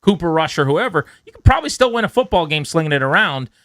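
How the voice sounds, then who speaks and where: A man with a fairly high, fairly bright voice speaks fast and very animatedly as co-host of a sports radio show. His casual football talk is conversational and analytical, probing deeply into each point, captured in clean studio sound with no room tone.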